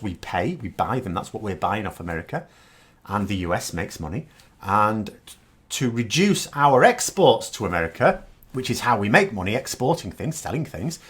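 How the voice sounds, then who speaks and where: Sarcastic British man, lively pitch. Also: husky. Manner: scornful and sarcastic, emphatic. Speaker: political commentary host. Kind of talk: political commentary monologue.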